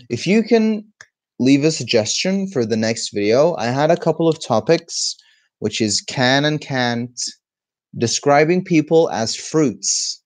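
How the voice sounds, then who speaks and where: A man with an Egyptian accent teaching his language in a relaxed, chatty live lesson, tired and reading viewer comments aloud. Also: mid-range voice, dry recording. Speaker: Arabic teacher. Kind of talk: casual live-stream lesson.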